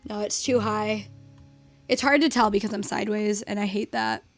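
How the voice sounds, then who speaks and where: A woman's voice: medium pitch, fairly even intonation, moderate pace. A young adult woman streaming a game, chatting casually with viewers and swearing at the game while she teaches. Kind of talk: casual live-stream chat. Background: faint guitar music.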